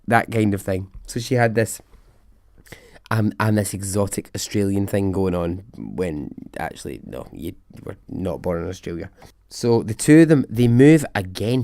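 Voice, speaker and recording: A man's voice: fairly low pitch, darkish tone, dry recording, studio quality. A man hosting a podcast, casually telling a story in a chatty, wry way and laughing at his own asides. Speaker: podcast host.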